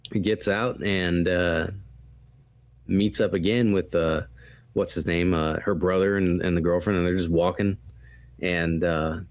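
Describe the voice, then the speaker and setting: A man's voice: sits low, fairly even intonation, unhurried, no room sound. A man co-hosting a podcast, casually recapping a film with lots of fillers and quoted lines. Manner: rambling recap with many fillers and acted quotes. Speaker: podcast co-host. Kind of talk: casual movie review chat.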